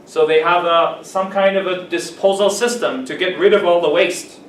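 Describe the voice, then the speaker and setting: A man teaches English vocabulary, explaining terms and repeating key words to check the class follows. His voice sits a little high. It is recorded from the back of an echoey classroom with a faint hiss. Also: fairly even intonation, moderate pace, fairly bright tone, far from the mic. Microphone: camera at a distance.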